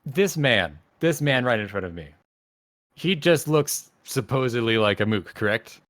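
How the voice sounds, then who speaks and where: A man at a tabletop game, talking casually and poking fun at his own bad luck. His voice sits at a plain middle pitch. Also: animated, unhurried, fairly bright tone, dry recording, clean studio sound. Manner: joking, self-mocking. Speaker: player.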